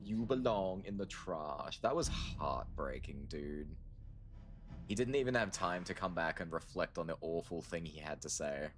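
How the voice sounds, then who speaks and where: Low-voiced man casually streaming a game. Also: expressive, unhurried, a little hiss or hum. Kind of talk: casual gameplay commentary.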